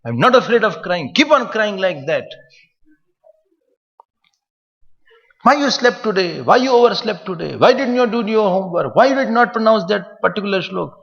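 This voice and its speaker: Man playing a harsh guru scolding a pupil, raised and rasping, muffled hall sound. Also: fairly high pitch, sing-song, unhurried, pushed and bright, heavily acted. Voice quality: harsh, berating. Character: stern ashram guru scolding a disciple. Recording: muffled recording in a reverberant hall.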